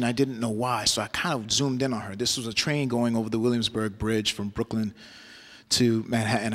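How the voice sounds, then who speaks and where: A man's voice: mid-range voice, fairly bright tone. New man lecturing in a big hall. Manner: conversational, loose, asks audience "right?". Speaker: guest lecturer, solo performer. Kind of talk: university lecture with storytelling. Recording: long hall reverb.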